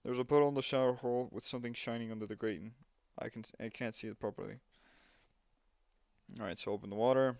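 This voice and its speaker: A man's voice: mid-range voice, fairly even intonation, fast, a little mellow, clean tone, no echo. A young man casually commenting while playing a game, chatty and rambling with lots of fillers. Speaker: gameplay commentator.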